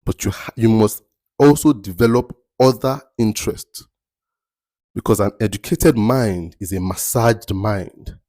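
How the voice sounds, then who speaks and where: Emphatic man, mellow voice. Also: fairly low pitch, measured pace, no echo. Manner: emphatic, repeats key phrases, rhetorical. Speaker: mentor giving life advice. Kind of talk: motivational talk.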